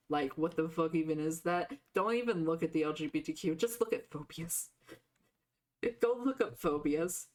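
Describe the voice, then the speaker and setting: A woman streaming a game live, chatting casually with a sore throat that lowers her voice, rambling with lots of "like" and restarts. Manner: rambling, full of "like" fillers and restarts.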